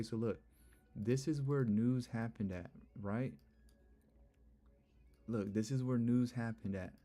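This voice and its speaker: Laid-back young man with a mellow voice. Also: medium pitch. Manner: chatty, repeats "look" and "bro". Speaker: livestream trading host. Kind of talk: casual live stream commentary.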